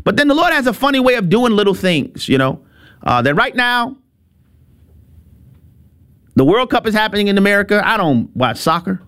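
Give me a high-voiced middle-aged man hosting an emphatic commentary show. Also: big pitch swings, moderate pace, long pauses, a bit bright, clean tone. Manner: emphatic, repeats himself, chuckles. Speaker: show host. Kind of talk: opinionated commentary monologue.

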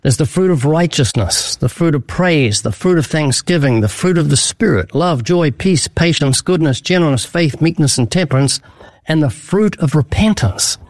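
A man with a fairly high voice speaks in an earnest, preaching manner, driving his points home with emphatic storytelling. The sound is dry and close, with no room around it. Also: lively intonation, moderate pace, a little mellow, no room sound. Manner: emphatic, vivid storytelling with acted-out quotes. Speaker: guest evangelist. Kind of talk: earnest preaching-style interview answers.

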